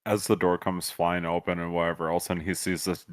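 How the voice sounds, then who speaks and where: Deep-voiced game master who swears casually. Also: male voice, flat delivery, a little fast, no room sound, studio quality. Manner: casual, swears freely while narrating. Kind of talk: narrating a tabletop game.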